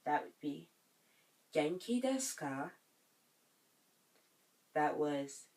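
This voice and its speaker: A man teaching short phrases to his viewers at a slow, patient pace. He says each phrase, then repeats it piece by piece, prompting the listener to try it. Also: a little high, very animated, a little mellow, distant mic, low-quality recording. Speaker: language video host.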